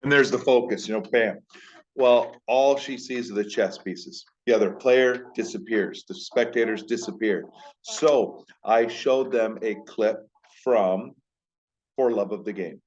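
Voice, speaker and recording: A man who teaches high school, talking casually to camera in a rambling, self-deprecating way. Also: a little slow, highs cut off. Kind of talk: casual vlog talk.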